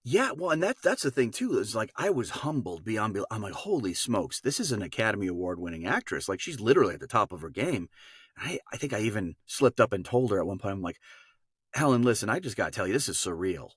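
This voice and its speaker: Casting: man guest on a podcast, a dialect coach from Wisconsin, lively storyteller, dry close sound. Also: on the low side, fast, slightly rough, dry recording. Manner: lively, acts out voices in his stories. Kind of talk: animated storytelling anecdote.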